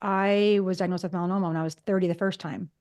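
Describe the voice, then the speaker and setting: A woman in her fifties talks quickly and chattily as a guest in a relaxed interview. She tells personal stories and slips into acting out both sides of old conversations. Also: on the low side. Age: 50s. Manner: chatty, acts out past conversations. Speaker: psychologist guest. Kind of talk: casual storytelling interview.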